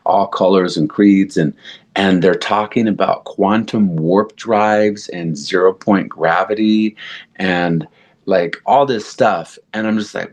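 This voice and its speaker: A man as a podcast guest, telling a personal story in a casual, animated way, acting out quotes with lots of fillers. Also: deep voice, measured pace.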